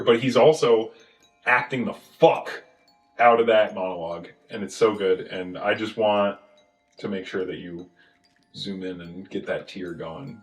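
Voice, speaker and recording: Animated man recapping a movie. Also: on the low side, unhurried, reverberant, soft background music, poor audio. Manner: animated, acts out scenes in silly voices. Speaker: podcast host. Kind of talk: casual movie recap chat.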